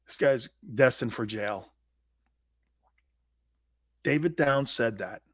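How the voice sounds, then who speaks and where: A man's voice: medium pitch, slow pace, a bit bright, dry recording, studio quality. A man in his fifties, a sports talk host and former pro player, telling personal stories in a blunt, emphatic way with salty slang. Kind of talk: animated personal storytelling.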